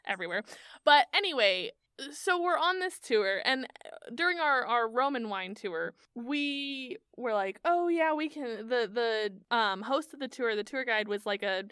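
Bright-voiced woman, chatty podcast co-host. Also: a little high, animated, clear, resonant tone, dry recording, clean studio sound. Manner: chatty storyteller, quick asides and laughs. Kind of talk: casual chat.

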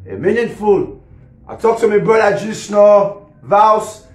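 A man's voice: high-pitched, measured pace, darkish tone. A man with a Sierra Leonean Krio accent, ranting casually on a live stream, rambling and repeating himself, laughing between lines. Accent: Sierra Leonean Krio English. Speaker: musician and social media personality. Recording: echoey room.

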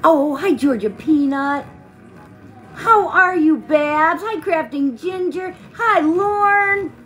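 A woman's voice: very high voice, takes it slowly, fairly bright tone, soft background music. A tired woman hosting a live stream, chatting casually while she crafts and greeting viewers by name with pet names.

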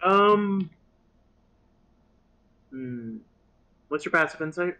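A man serving as game master, setting scenes in an unhurried, easygoing way during a tabletop game. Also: high-pitched, gravelly, bright, forceful tone, rough recording.

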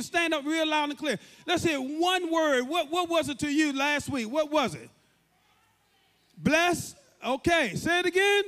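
A man hosting a church service energetically leads call-and-response crowd hype, repeating prompts to the congregation. His voice is extremely high and sharp. The large sanctuary sounds reverberant, with faint music behind him.

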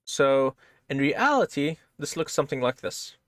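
This man's voice is a little high with big pitch swings and a moderate pace, captured in clean studio sound with no echo. He walks through a screen-share programming lesson casually and step by step, often adding "right?".

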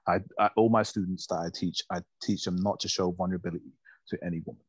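A man with a very deep, husky voice speaks bluntly and provocatively in a casual chat. The recording is dry and close. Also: fairly even intonation, quick pace, no room sound.

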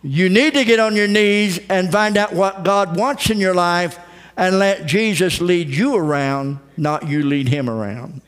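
A man's voice: sits high, measured pace, a bit bright, in a large hall. A man preaching a folksy sermon as pastor, acting out the voices he quotes. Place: church sanctuary.

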